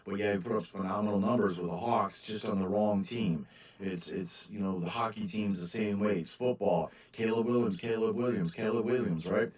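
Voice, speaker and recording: Low-voiced man rambling casually. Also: steady tone, normal speed, breathy edge, poor audio. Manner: rambling, frequent ums and restarts, candid. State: tired, yawning. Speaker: sports card seller and channel host. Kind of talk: casual monologue to camera.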